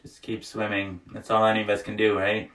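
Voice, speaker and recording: Low-voiced laughing man in an echoey sauna. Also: monotone, brisk, a bit bright, far from the mic. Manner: laughs often, joking and frank. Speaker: livestream host. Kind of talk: casual chat reading viewer comments aloud. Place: small wooden sauna. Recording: echoey room, voice away from mic.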